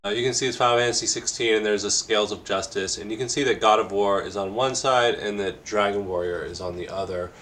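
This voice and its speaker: A man's voice: fairly low pitch, quick pace, few pauses, a bit bright. A man co-hosting a casual game discussion, rambling and hesitant, with many fillers and restarts. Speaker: podcast co-host. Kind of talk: casual conversation about games.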